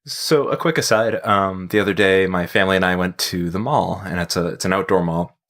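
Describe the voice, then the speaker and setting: A man's voice: sits low, fairly quick. A man in his thirties, a podcast co-host, chatting casually and telling a rambling anecdote about his family. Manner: rambling storyteller, animated when quoting people. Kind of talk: casual chat.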